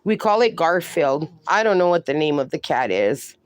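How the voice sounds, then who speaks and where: A woman's voice: sits low, big pitch swings, moderate pace, background noise. A middle-aged woman hosting a casual livestream, reading viewer comments aloud and baby-talking to her dogs. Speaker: livestream host.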